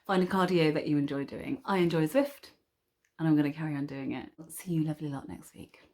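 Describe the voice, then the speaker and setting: A woman from the UK in her thirties, chatting to camera in a casual vlog with an encouraging, lively manner. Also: low voice, fairly quick, slight background noise. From United Kingdom. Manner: chatty and encouraging, bursts into laughter and swearing. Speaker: weight-loss vlogger.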